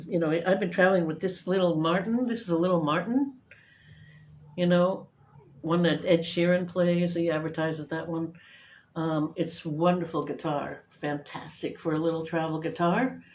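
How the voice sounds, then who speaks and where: A woman's voice: fairly low pitch, steady tone, moderate pace, slight background noise. A woman singer-songwriter chatting casually between songs on a home live stream, rambling with plenty of ums and uhs. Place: home living room. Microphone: guitar plugged in and a live-stream microphone. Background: her own acoustic guitar playing loudly.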